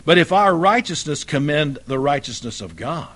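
A man preaching a fiery sermon, swinging between loud emphatic bursts and low, quiet asides. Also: expressive, normal speed.

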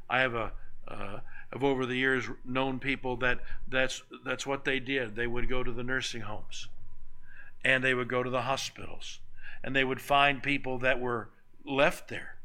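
Bright-voiced pastor preaching. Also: male voice, mid-range voice, poor audio. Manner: conversational preaching with anecdotes and repetition. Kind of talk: sermon. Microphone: microphone on a stand.

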